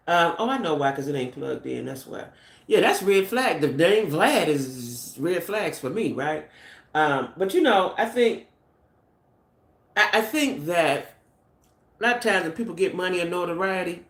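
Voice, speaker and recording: A middle-aged woman hosts a casual gossip stream, chatting and speculating straight to her viewers. Her voice sits a little low for a woman. The room adds a noticeable echo around her. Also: a bit bright. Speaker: channel host.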